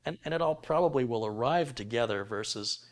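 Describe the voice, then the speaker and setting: A man's voice: mid-range voice, lively intonation, fairly quick. A middle-aged man, hosting a live tech stream in a casual, chatty way and reading viewer donations aloud. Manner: chatty, laughs easily, reads viewer messages aloud.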